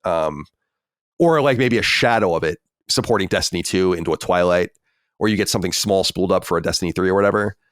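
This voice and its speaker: A man's voice: deep voice, fast, fairly bright tone, smooth, no echo, studio quality. A man co-hosting a video game podcast, chatting casually with many restarts and fillers. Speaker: podcast co-host. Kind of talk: casual chat.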